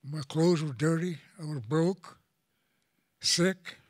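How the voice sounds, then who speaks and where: An older man from Oklahoma, his voice on the high side, shares a personal story with an audience. He speaks haltingly and plainly, repeating words often, in a studio-quality recording with no echo.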